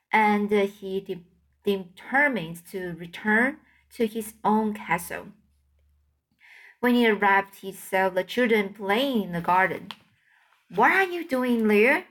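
Slow, halting woman reading a fairy tale. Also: mid-range voice, fairly bright tone. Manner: slow, halting, with slips and self-corrections. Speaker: audiobook reader.

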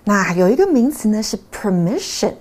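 A woman's voice: medium pitch, sing-song, moderate pace, a little mellow. A woman, a native Mandarin speaker, co-teaching an English lesson, switching between Chinese and English to translate words. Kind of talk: bilingual lesson chat.

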